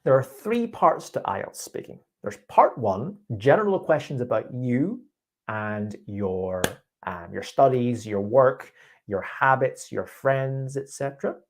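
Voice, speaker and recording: Taking it slowly, an expressive man with a mid-range voice leads a live online IELTS speaking session. He's a native English speaker, encouraging a student with tips on a video call.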